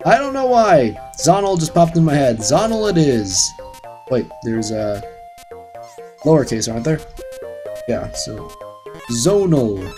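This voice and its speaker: A man's voice: medium pitch, sing-song, slow pace, pauses often, music in the background. A man hosting a let's-play, giving sarcastic, ranting commentary with casual swearing. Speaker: gaming channel host.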